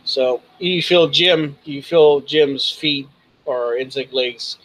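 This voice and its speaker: A man narrating a tabletop game as game master, in a casual, profane, halting way. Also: on the high side, a bit bright, low-quality recording.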